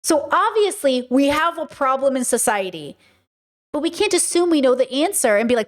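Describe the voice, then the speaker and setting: Casting: woman, high voice, blunt casual commentary host, swears, acts out dialogue. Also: animated, normal speed.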